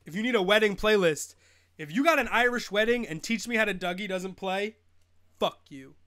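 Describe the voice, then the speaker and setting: High-voiced young guy rambling on a live football stream, joking and laughing a lot. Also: lively intonation, normal speed, bright, forceful tone, smooth. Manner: rambling, joking, sings snippets, laughs often. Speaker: host. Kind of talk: casual live-stream chat.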